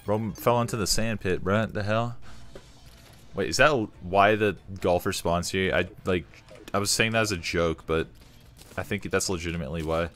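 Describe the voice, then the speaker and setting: A young man casually commenting while playing a game, swearing often and breaking into excited outbursts. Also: sits low, moderate pace. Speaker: gaming streamer. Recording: music bed behind voice. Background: soft game music.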